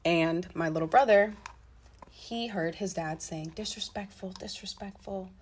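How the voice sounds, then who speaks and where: A woman's voice: fairly low pitch, unhurried. A young woman casually telling a story from her own life. She swears freely and keeps adding asides as she talks. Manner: blunt and profane, swearing freely; animated retelling with frequent asides. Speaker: storytelling vlogger.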